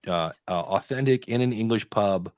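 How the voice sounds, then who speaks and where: A man co-hosting a podcast live stream, telling stories in a chatty way and often pausing to hunt for the next word. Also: on the low side, a little mellow, no echo, studio quality. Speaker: podcast co-host. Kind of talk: casual chat on a live stream.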